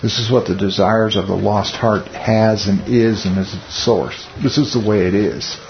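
A man leading a Bible study with a relaxed, conversational delivery. He peppers the teaching with rhetorical questions and wry asides. The recording is muffled and lo-fi, with a faint hiss underneath. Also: on the low side, moderate pace.

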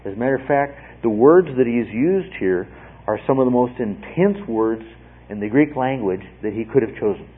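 Man, Bible teacher, husky voice, conversational, repeats himself, tinny radio broadcast. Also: mid-range voice, animated, normal speed. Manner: conversational, repeats words, asks "okay?". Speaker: preacher teaching a Bible study.

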